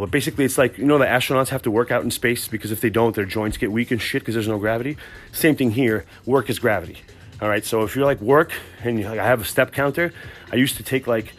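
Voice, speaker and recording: A man hosting a podcast, telling a rambling, profane, excitable comic story from work. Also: medium pitch. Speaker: podcast host. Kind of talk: casual comic storytelling monologue.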